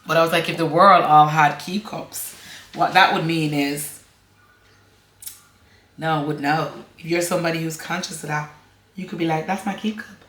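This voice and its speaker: An Irish woman chats to her camera at home in a rambling, friendly vlog way, laughing now and then. Her voice sits low but sounds bright and forward. The room around her is echoey. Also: fairly even intonation, normal speed, pauses often. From Ireland. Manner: chatty and rambling, laughs often. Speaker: vlogger. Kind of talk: casual chat to camera.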